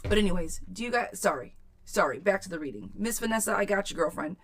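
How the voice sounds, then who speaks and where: A woman's voice: medium pitch, animated, fast, a bit bright, slight background noise. A woman giving a live tarot reading to viewers, chatty and frank, swearing casually and calling people sweetheart. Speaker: tarot reader.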